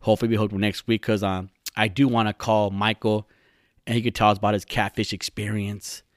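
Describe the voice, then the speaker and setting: Alone on his own podcast, a young man rambles, swears and mocks his friends in a profane solo rant. His voice is fairly low and flat, his pace fairly quick, and the clean studio sound carries no echo.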